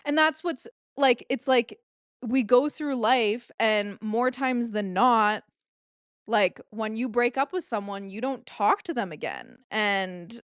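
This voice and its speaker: A woman's voice: fairly high pitch, slow pace, clear, resonant tone, no echo, studio quality. A woman in her late twenties hosting a solo podcast, talking in a rambling, confessional way, full of filler words and casual swearing. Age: late 20s. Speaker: podcast host.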